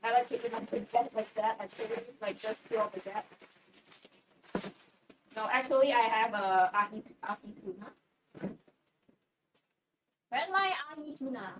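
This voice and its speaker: With an expressive voice on the high side, a woman chats at normal speed while baking on a livestream in her home kitchen, pausing often. She rambles casually and swears a lot. The sound comes through a distant mic with faint background noise.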